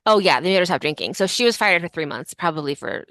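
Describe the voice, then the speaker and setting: A woman's voice: on the low side, lively intonation, quick pace, a bit bright, no echo, studio quality. A woman hosting a casual history podcast, telling a story in a chatty way full of fillers like "like" and "um". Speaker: podcast host.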